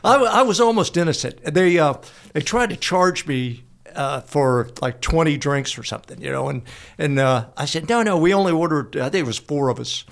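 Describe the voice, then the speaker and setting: Older male guest, gravelly, rambling anecdotes with laughter. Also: on the high side. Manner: halting, repeats words, laughs while telling stories. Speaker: guest, veteran and author. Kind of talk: casual storytelling interview.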